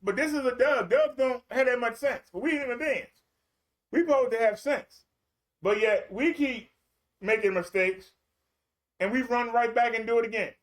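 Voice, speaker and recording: A man's voice: very high voice, moderate pace. A man preaching a streamed sermon in a colloquial, repetitive storytelling way.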